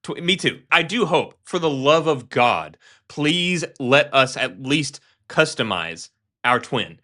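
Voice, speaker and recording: Bright-voiced, animated male co-host. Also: medium pitch, takes it slowly. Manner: animated, opinionated, many restarts. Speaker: game podcast co-host. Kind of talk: casual chat.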